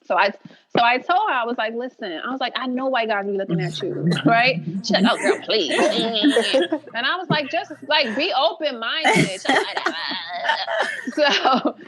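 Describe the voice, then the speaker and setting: A woman guest on a podcast, an animated storyteller who acts out what people said and laughs often. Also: on the high side, measured pace, crowd noise, poor audio. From New York. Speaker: creator and writer, guest. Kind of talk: casual podcast interview.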